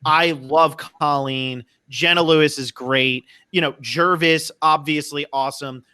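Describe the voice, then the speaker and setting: Bright, dry-sounding podcast host. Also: male voice, a little high, steady tone, measured pace, clean tone, dry recording. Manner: enthusiastic, repeats words as he starts sentences. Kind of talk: casual podcast chat.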